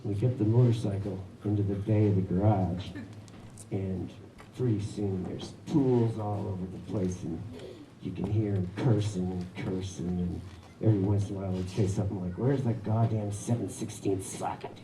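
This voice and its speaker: A man with a fairly low voice tells a personal story to a live audience in a wry, chuckling manner. His voice rings around an echoey shop. Steady background noise runs beneath it. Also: normal speed, far from the mic. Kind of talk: live anecdote telling.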